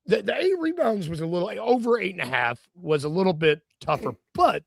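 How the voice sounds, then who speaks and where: A man's voice: high voice, expressive, fairly quick, vocal fry, dry recording, clean studio sound. A man co-hosting a sports podcast, rambling through casual chat with lots of fillers and restarts. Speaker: podcast co-host.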